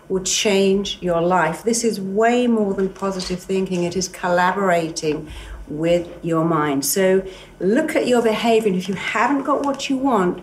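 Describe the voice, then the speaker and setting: A woman's voice: mid-range voice, a little mellow. Female therapist, earnest motivational speaker who acts out dialogue, recorded from a distance with faint noise. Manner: earnest, emphatic, repeats key phrases; acts out inner voices and dialogue. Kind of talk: motivational talk.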